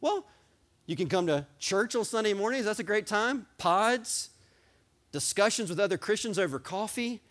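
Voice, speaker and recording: Male pastor, sermon delivery, excitable and loud at peaks, slightly high voice. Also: moderate pace. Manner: excited preaching, sometimes yelling, animated.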